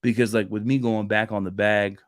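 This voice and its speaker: Animated, low-voiced man telling a story. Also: normal speed, no echo, studio quality. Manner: animated storyteller who acts out dialogue and restarts often. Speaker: podcast co-host. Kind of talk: casual faith chat, storytelling.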